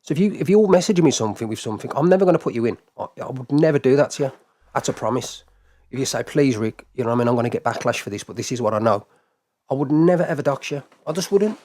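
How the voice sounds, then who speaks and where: Talking directly to his chat, a live-stream host delivers a casual but heated rant, swearing frequently and going over the same points again and again. His mid-range voice is animated and a little mellow, and he speaks very fast.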